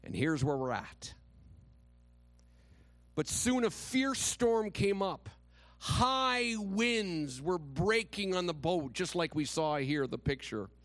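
A man's voice: high-pitched, lively intonation, takes it slowly, fairly bright tone, no room sound. A male pastor preaching a sermon in a conversational, dramatic storytelling manner with touches of humor.

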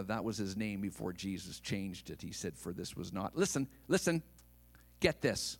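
A male pastor preaching a dramatic sermon, dropping to a hush and then rising loud. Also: on the low side, sing-song, moderate pace.

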